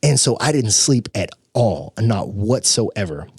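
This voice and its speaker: Young man, low dry voice, animated storyteller acting out quotes. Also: measured pace, slightly rough, dry recording. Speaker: podcast guest. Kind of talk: casual storytelling.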